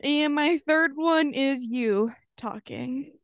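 A woman's voice: high voice, takes it slowly, no echo, clean studio sound. A young woman co-hosting a podcast in a bubbly, casual way, laughing easily. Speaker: podcast co-host. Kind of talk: casual chat.

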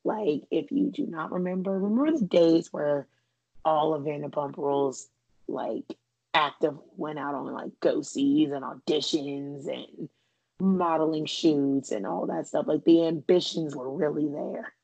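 A woman's voice: low-pitched, a little slow, vocal fry, warm tone, husky, no room sound, lo-fi sound. A woman hosting a podcast in casual, chatty conversation, laughing often. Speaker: podcast host.

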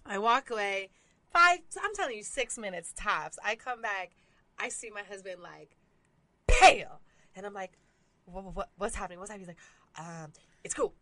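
A woman co-hosting a casual chat, telling a story in an animated, profane way, laughing and acting out the quotes. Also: mid-range voice, normal speed, pauses often, dry recording. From Puerto Rican background.

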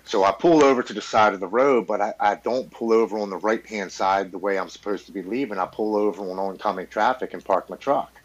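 A man's voice: fairly low pitch, a little fast, hardly any pauses, muffled recording. A man in his forties, a podcast guest, earnestly telling his recovery story in a blunt, swearing, casual way.

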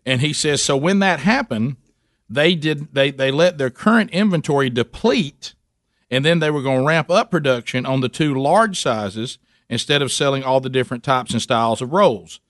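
A man's voice: mid-range voice, normal speed, dry recording, clean studio sound. A man hosting a talk radio show, telling a rambling, jokey story with many restarts in casual chat. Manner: animated and jokey.

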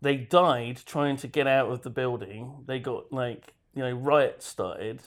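A man's voice: medium pitch, unhurried. A man joking sarcastically in a casual chat.

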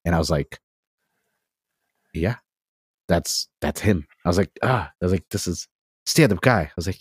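A man's voice: low voice, animated, normal speed, long pauses, breathy edge, no room sound, studio quality. A man in his thirties, a podcast guest in casual chat, telling long anecdotes full of acted-out quotes. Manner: rambling storyteller, heavy on "I was like" quotes.

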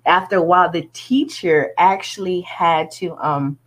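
Earnest chatty woman, low voice. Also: measured pace. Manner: earnest, chatty, many fillers and asides. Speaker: music artist. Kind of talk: casual interview chat.

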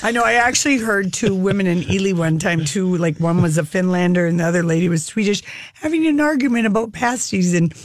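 A woman's voice: on the low side, a little fast. A woman co-hosting a radio show, chatting casually and laughing easily. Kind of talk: casual banter.

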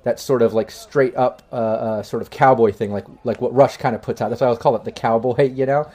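A man's voice: mid-range voice, fairly even intonation, quick pace, a little mellow. A man narrating as game master of a streamed tabletop role-play, talking loosely with many fillers and restarts.

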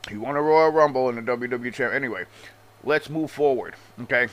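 A man's voice: medium pitch, a little fast, dull audio. Sarcastic, profane male podcast ranter. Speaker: podcast host. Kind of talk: casual rant about wrestling.

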